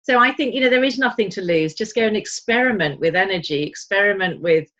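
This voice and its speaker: A woman's voice: medium pitch, fast, a bit bright. A woman co-hosting a spiritual chat podcast, talking in a chatty, reflective way. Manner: chatty, reflective, with folksy asides. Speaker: podcast co-host. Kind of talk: casual chat. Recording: slightly dull lo-fi audio.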